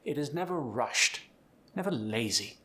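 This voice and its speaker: A man voicing a refined, formal old-Hollywood gentleman with a Transatlantic accent, speaking calmly with crisp, deliberate diction. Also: medium pitch. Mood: poised, formal. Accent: Transatlantic (Mid-Atlantic). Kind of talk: theatrical accent demonstration.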